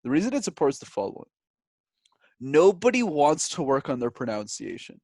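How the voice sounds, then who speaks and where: A man from Canada, a guest telling stories in a casual interview, animated and joking. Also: fairly high pitch, fairly quick, no echo. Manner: animated storyteller, jokey.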